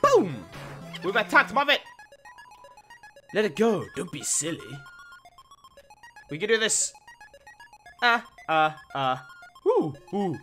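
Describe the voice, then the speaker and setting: Excitable, panicky gaming commentator man. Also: high-pitched, slow pace, long pauses. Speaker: gaming video host. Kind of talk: let's play commentary. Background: faint game music.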